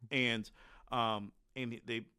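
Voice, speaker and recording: A man at a middle pitch recounts combat as a podcast guest. He speaks casually and bluntly, with many filler words. His tone is frank and plain. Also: steady tone, drawn-out words, pushed and bright, clear, resonant tone. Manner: blunt, candid war storytelling with frequent filler words. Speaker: podcast guest, military veteran. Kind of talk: casual conversational storytelling.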